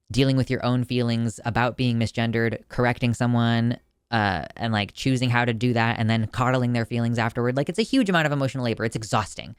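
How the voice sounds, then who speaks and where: A man's voice: medium pitch, clear, resonant tone, dry recording, clean studio sound. A man reviewing a film in a casual video, talking in a chatty, emotional way with lots of fillers and restarts.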